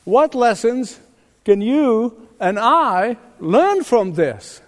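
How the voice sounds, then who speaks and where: A man's voice: extremely high pitch, very animated, drawn-out words. An older man preaching a sermon as pastor, emphatic and drawing responses from the congregation. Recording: long reverb of a large hall.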